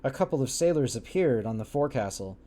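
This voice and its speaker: A man's voice: medium pitch, lively intonation, fast, mellow. A man reading a classic novel aloud on a livestream, stumbling over old wording and breaking off with wry, laughing asides. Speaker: livestream book reader.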